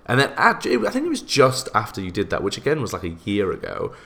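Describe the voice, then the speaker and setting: A young man co-hosting a podcast, chatting casually and laughing often in quick bursts. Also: fairly low pitch, huge pitch swings, a bit bright. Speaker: podcast co-host and guest editor.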